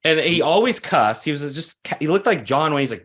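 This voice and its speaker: A man in his forties, a guest coach, talking earnestly in an interview, animated in his stories and often restarting phrases. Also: a little high, brisk, few pauses. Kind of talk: conversational interview storytelling.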